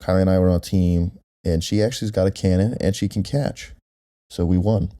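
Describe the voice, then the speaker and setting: A man's voice: sits low, steady tone, brisk, mellow, no room sound. A young man co-hosting a casual podcast from home, rambling with lots of fillers and self-deprecating asides, close on a directional mic. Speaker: podcast co-host. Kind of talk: casual chat.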